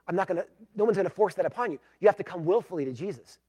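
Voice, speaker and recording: A pastor preaching a sermon, emphatic, moving between loud declarations and hushed, pleading passages. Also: male voice, high-pitched, lively intonation, racing, husky.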